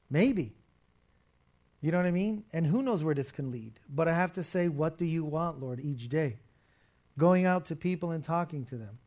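A man's voice: on the high side, darkish tone. A man preaching a sermon to a congregation and online viewers, talking in a conversational, emphatic way. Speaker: pastor.

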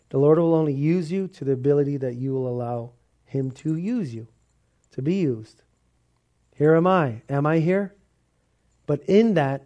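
Animated man preaching a sermon. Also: a little high. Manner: animated storytelling, acts out dialogue. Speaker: pastor.

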